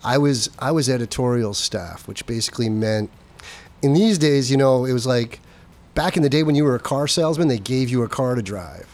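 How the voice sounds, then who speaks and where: Relaxed middle-aged man reminiscing. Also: medium pitch, a little fast. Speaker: guest, former staff journalist. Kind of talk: casual chat.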